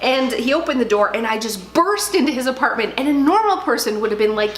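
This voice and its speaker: A woman's voice: on the high side, lively intonation, fairly quick, slight background noise. A woman, telling funny stories to camera in a chatty, self-deprecating way. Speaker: home organizing vlogger. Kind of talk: casual storytelling to camera. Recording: roomy echoey indoor sound.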